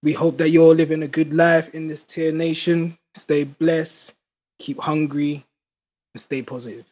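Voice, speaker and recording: A man's voice: fairly high pitch, steady tone, a little slow, darkish tone. A young man hosting a podcast, joking and teasing his co-hosts in casual banter. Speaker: podcast host. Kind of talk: casual chat.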